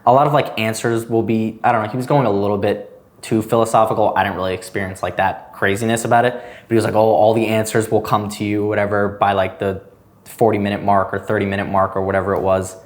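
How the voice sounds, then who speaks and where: A fast-talking young man, his voice on the low side with little pitch movement, rambles loosely as a podcast guest. His casual talk is packed with "like."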